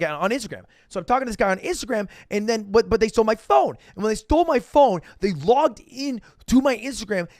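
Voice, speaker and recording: A man voicing a nervous young man who stammers and pleads fast excuses. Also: sits high, no room sound, clean studio sound, pitched above the performer's own voice.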